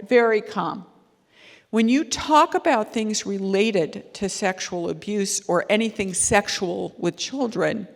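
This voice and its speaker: Earnest woman lecturing in a reverberant hall. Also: mid-range voice. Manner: earnest, storytelling, with frequent ums and restarts. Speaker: child safety educator giving a talk. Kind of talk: conversational lecture to parents.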